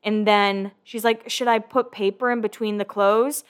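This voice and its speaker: A woman's voice: medium pitch, normal speed, clean tone. A young woman casually recapping a reality show episode, acting out the cast's lines and swearing freely. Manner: animated, acts out quotes from the show, swears casually. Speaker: recap podcast host.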